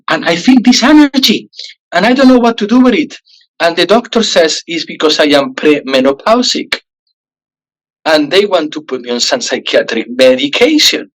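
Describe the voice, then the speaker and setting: Man telling a story with animated quoted voices. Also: a little high, poor audio. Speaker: interview guest. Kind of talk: storytelling in an interview.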